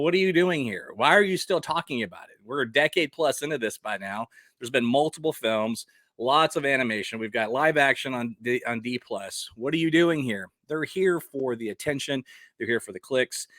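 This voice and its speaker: A man's voice: mid-range voice, bright, forceful tone, no echo, studio quality. A man in his forties giving his blunt, passionate opinions in a casual vlog, often throwing out rhetorical questions. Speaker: vlogger.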